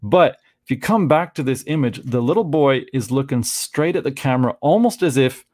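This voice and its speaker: A man's voice: mid-range voice, lively intonation, normal speed, a little mellow, no room sound, clean studio sound. Rambling man musing over photos. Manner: rambling, searching for words, frequent restarts. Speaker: vlogger. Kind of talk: casual commentary on photographs.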